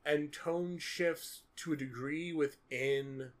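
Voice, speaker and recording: A man's voice: a little high, steady tone, slow pace. A man co-hosting a podcast, talking about movies in a casual, rambling way, with many fillers and lots of animation. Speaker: podcast co-host. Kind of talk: casual film discussion.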